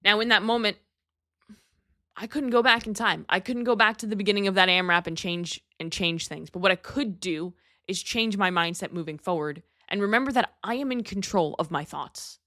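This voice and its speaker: A woman's voice: medium pitch, moderate pace, pushed and bright, dry recording, studio quality. A young adult woman hosting a podcast, giving a candid, earnest motivational monologue and swearing casually. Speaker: podcast host.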